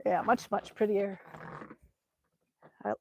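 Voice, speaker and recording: A woman's voice: mid-range voice, little pitch movement, slow, creaky, warm tone, dry recording. A woman chatting casually on a live stream outdoors in winter, rambling with many ums as she reads the chat. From Alaska. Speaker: vlogger reading live chat. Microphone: phone camera.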